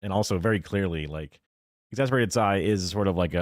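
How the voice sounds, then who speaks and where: Man reacting to a video on stream, opinionated, rambling with fillers, lowish voice, dry close sound. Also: fast talker, dry recording. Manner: musing, opinionated, many fillers. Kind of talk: casual reaction commentary.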